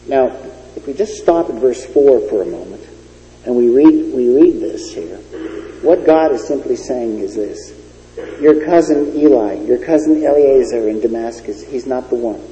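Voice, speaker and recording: A man's voice: medium pitch, lively intonation, normal speed, warm tone. A man preaching a sermon with an emphatic, storytelling delivery. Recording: dull lo-fi recording in an echoey hall.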